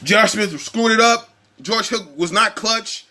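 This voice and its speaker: Excitable male sports vlogger, high bright voice, ranting hard. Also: unhurried. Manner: heated, ranting, animated. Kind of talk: casual sports rant.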